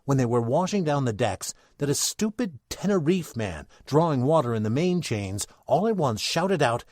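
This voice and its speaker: Theatrical male storyteller, lively pitch. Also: normal speed, hardly any pauses, no room sound, studio quality. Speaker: narrator. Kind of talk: dramatic old-time radio narration.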